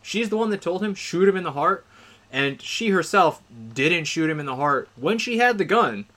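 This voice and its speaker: A man's voice: a little high, normal speed. A man co-hosting a podcast, retelling a film's plot in casual chat, often laughing. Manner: laughing, animated retelling with acted quotes. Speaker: podcast co-host. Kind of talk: casual movie recap chat.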